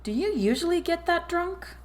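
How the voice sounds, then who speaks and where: A woman's voice: very high voice, animated, moderate pace, voice pushed up. A woman voicing a wary young woman. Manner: probing, skeptical.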